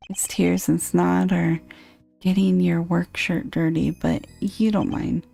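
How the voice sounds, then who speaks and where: Low gravelly woman reading a game. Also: takes it slowly, faint music behind. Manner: dry, deadpan asides and mock rants. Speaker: player reading a dating game aloud. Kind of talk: reading game text aloud.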